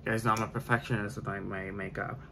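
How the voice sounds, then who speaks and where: A man's voice: fairly low pitch, little pitch movement, quick pace, creaky, sharp tone, a little hiss or hum. A man chatting casually while doing his makeup on camera, opinionated and prone to tangents. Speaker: beauty vlogger. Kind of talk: casual chat during a makeup tutorial.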